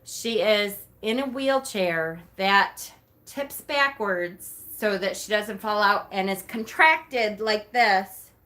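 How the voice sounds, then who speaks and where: A woman vlogger telling a story about her day in a casual, animated way, laughing often and acting out her own reactions. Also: medium pitch, slow pace.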